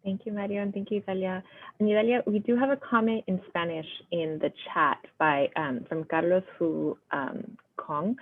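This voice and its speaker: A woman moderating an online meeting, calm and measured, passing on questions from the chat. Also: lowish voice. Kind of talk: moderating and reading chat aloud. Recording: tinny phone-like line.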